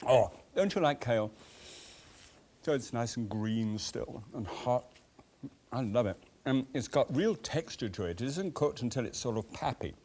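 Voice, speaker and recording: An older man from England with an English accent, hosting a cooking show in a chatty, animated way, tasting food as he talks. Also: medium pitch, normal speed. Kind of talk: cooking demonstration chat.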